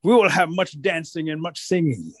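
A man putting on a proud bear, excited and boastful, raised in pitch above the storyteller's normal voice. The sound is dry and close. It is a folktale telling. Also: normal speed, slightly rough, dry recording.

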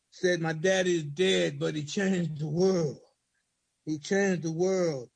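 A man's voice: high voice, gravelly, husky, no echo, low-quality recording. A man speaking hesitantly about why he wrote a poem, then reciting it aloud in a rhythmic spoken-word delivery. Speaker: poet reading his own poem. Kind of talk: spoken word poetry reading.

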